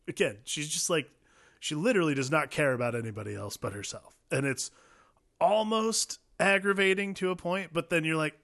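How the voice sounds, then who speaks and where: A man's voice: a little high, expressive, moderate pace, a bit bright. A man in a casual film discussion, loose and chatty, dropping swears and fillers. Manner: loose, swears, lots of likes.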